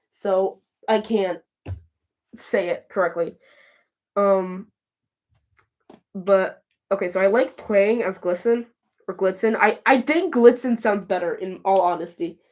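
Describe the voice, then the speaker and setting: A woman streamer chatting casually with her live chat. She answers questions on the fly, talks in a loose, chatty way and often restarts with a flustered laugh in her voice. Her voice sits at an ordinary middle pitch. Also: measured pace.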